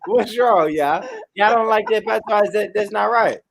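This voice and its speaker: A man hosting a casual online panel chat, animated and slangy, often repeating himself. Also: sits high, normal speed, gravelly, slight background noise. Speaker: panel host.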